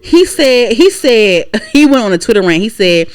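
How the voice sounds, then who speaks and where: Her voice is fairly high, smooth, and very animated, moving at a moderate pace. This young adult podcast co-host from the DC area talks bluntly and with plenty of profanity in a casual, ranting exchange of opinions.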